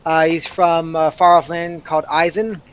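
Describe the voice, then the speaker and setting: A man with a fairly high voice introduces himself and his character. He explains in an easygoing, unhurried way, with small pauses. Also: level tone, clean tone. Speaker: player. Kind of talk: casual self-introduction.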